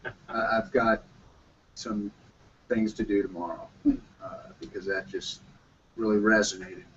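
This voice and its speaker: A man's voice: fairly low pitch, steady tone, measured pace, a bit bright. A man in a group discussion, reflecting hesitantly on a lesson he took away. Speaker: group member. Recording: distant, dull, faint room noise.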